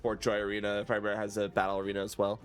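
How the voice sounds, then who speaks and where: A man's voice: fairly low pitch, completely flat delivery, rapid-fire, faint music behind. A man streaming a video game, chatting casually, swearing and laughing as he talks. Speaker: gaming streamer. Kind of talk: casual let's-play chat.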